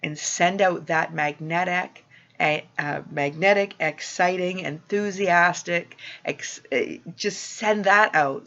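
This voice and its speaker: A woman giving a spiritual teaching talk to listeners, speaking in a slow, soothing, affirming way. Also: lowish voice, steady tone, a bit bright. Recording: dull lo-fi recording.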